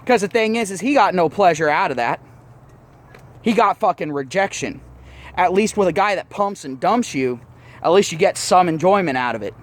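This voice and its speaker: A vlogger rants to his audience, telling a story bluntly and mockingly while swearing constantly. His voice sits high with lively intonation at a normal speed.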